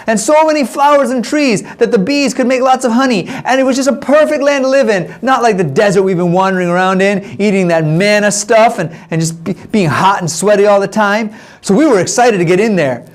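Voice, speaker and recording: A man playing an indignant grumbling Israelite spy. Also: high voice. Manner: indignant, complaining, talks straight to children. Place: church children's class.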